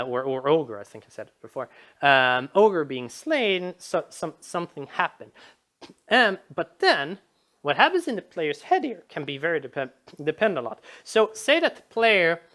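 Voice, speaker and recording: A woman's voice: sits low, a bit bright. A woman giving a casual, rambling game design commentary, with frequent restarts and repeated words. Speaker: video essayist.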